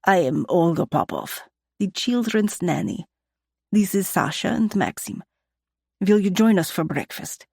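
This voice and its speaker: A woman's voice: on the low side, lively intonation, unhurried, vocal fry, mellow, slightly rough, dry recording, studio quality, exaggerated voice. A woman voicing a stern, formal older nanny in an audiobook. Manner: formal, scolding.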